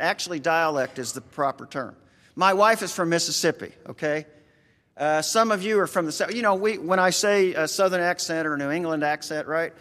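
A man's voice: fairly high pitch, a bit bright, in a large hall. A man with a rural American accent preaching a conversational sermon, earnest and folksy, talking straight to his congregation.

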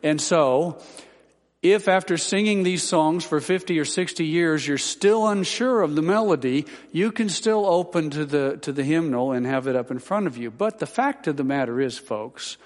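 Male Baptist pastor, slightly high voice, folksy, rambling announcements full of fillers and wry jokes; long church reverb. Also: a little mellow. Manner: rambling and homespun, with many fillers and dry humorous asides. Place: large church sanctuary.

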